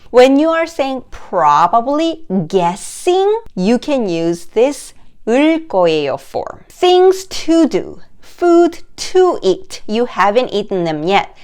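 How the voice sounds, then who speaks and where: A woman teaching a grammar lesson, explaining slowly in English and reading example sentences quickly. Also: medium pitch. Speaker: Korean language teacher.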